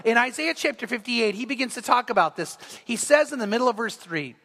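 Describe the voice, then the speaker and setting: Male pastor, bright high voice, animated sermon delivery, reverberant church. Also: fairly quick, creaky, few pauses. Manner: animated, acts out quoted voices.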